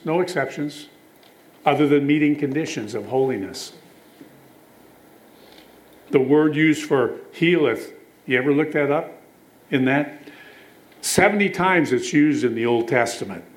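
A man's voice: a little high, lively intonation, unhurried, pauses often, low-quality recording. Man preaching a sermon on healing. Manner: storytelling, quotes scripture, asks the congregation questions.

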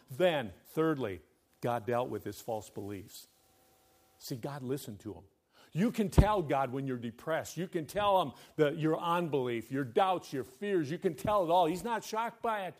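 Pastor guy preaching, bit higher voice, loud declaring then going all hushed and close. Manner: emphatic preaching that swings between loud declaration and hushed intimacy. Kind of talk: sermon.

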